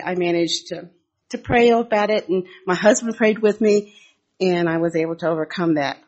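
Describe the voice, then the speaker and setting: An older woman giving a conversational devotional talk, telling personal church stories and reading Bible verses in a husky voice. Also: on the low side. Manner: homely storytelling with Bible readings.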